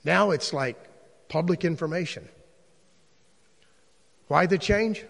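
A man's voice: on the high side, slow pace, vocal fry, fairly bright tone. A man teaching a Bible class in a conversational way, posing rhetorical questions to his listeners. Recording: long reverb in a large room.

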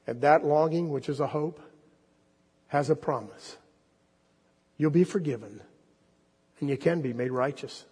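A man preaching a sermon and reading a story aloud, earnestly, moving from loud to hushed. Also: a little high, measured pace, long pauses, husky, long reverb tail.

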